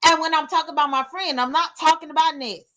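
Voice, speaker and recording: Woman, high voice, bright tone, candid emotional livestream talk. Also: steady tone, fast. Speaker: livestream host.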